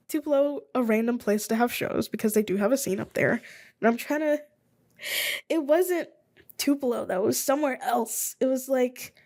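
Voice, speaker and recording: A woman in her twenties hosting a casual solo podcast, rambling and chatty, thinking out loud as she goes. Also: a little high, creaky. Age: 20s. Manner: rambling, chatty, thinks aloud while looking things up. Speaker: podcast host.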